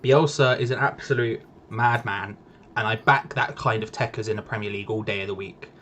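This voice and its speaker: A man's voice: lowish voice, fairly even intonation, a little fast, fairly bright tone, slight background noise. A young man, casually co-hosting a live football watch-along in a playful, repetitive way. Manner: chatty, playful, repeats himself for effect. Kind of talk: casual live-stream chat.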